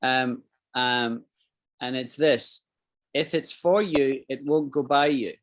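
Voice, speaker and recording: A middle-aged man with a Scottish accent teaches an online English class at a steady middle pitch. He explains patiently and repeats key phrases. He keeps checking that his students follow him. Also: slow pace. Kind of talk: live online English lesson.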